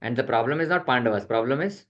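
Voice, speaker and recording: A man's voice: medium pitch, animated, quick pace. Man teaching a scripture class. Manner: retells the epic with acted quotes, mixing Hindi words. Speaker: spiritual teacher. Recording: dull lo-fi sound.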